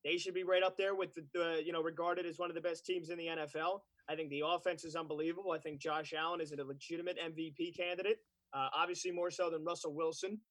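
A man co-hosts a sports betting podcast and talks through his picks in a chatty, confident way. His voice sits a bit high, and the sound is dry and close. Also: little pitch movement, fast, a bit bright, no room sound. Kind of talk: casual sports betting chat.

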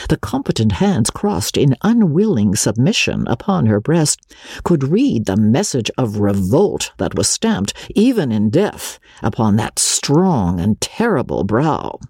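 Brief: husky woman narrator, low and lively, for a literary audiobook. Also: dry recording, clean studio sound. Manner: expressive, measured literary reading. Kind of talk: scripted narration.

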